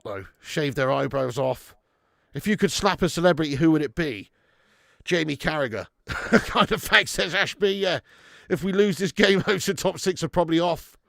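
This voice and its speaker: Sweary gravelly-voiced football fan host. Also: male voice, fairly high pitch, moderate pace, no echo, studio quality. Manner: sweary, animated, reads viewer messages aloud. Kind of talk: live football watch-along chat.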